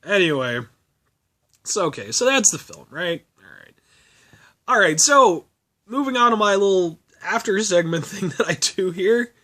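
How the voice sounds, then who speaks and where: Chatty man with a lively voice. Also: sits high, unhurried. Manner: rambling, laughing often, swearing. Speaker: film reviewer. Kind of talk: casual review vlog.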